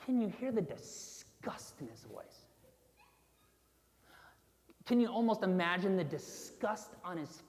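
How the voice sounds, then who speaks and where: A woman's voice: mid-range voice, darkish tone, big-room sound. A woman pastor giving a conversational sermon, with casual fillers and asides to the congregation. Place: church sanctuary.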